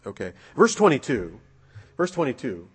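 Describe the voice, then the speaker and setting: A man preaching a sermon in a relaxed, conversational way, asking his listeners rhetorical questions and pausing on fillers. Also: medium pitch. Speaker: pastor. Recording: husky voice with long hall reverb.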